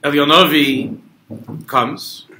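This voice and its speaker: A man's voice: on the high side, fairly even intonation, slow pace, sharp tone, roomy sound. A male rabbi giving a Torah lecture to a travel group. He explains a text line by line, weaves in Hebrew and Aramaic quotations and builds to impassioned emphasis. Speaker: rabbi teaching a class.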